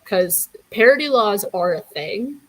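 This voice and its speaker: A woman in her early twenties speaking bluntly and wryly in a loose conversation. Her voice is mid-pitched, and the recording is dry and close. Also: expressive, measured pace, a bit bright, no echo, poor audio. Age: 20s. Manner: blunt, wry, opinionated. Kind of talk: casual chat.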